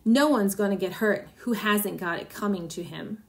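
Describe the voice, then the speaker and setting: A woman reading the part of a ruthless, vindictive businessman husband, speaking gruffly and smugly. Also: mid-range voice, moderate pace, close to an everyday voice. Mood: cold, smug. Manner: gruff, smug, harsh.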